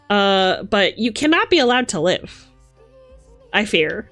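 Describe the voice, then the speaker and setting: A young woman streamer chatting casually with her viewers, animated, laughing and swearing freely. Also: mid-range voice, takes it slowly, pauses often, soft background music. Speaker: livestreamer.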